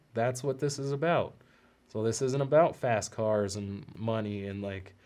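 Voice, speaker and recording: A man hosting a podcast, speaking earnestly and emotionally in a heartfelt personal monologue, his voice softening and catching at times. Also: fairly low pitch. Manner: earnest and emotional, often choked up. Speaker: podcast host.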